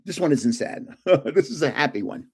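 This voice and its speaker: A man's voice: medium pitch, sing-song, normal speed, a little mellow, husky. An older man hosting a casual livestream from home, rambling through anecdotes and chuckling often. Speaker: livestream host.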